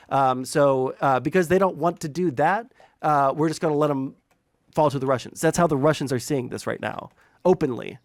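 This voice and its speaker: A man's voice: on the high side, no echo, studio quality. Heated, profane young-sounding man debating. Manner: rambling, profane, fast bursts.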